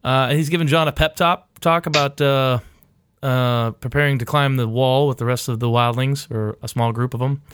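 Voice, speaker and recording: A man's voice: medium pitch, steady tone, moderate pace, noisy background. A man hosting a podcast in casual chat, loose and profane, with lots of filler uhs. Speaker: podcast host.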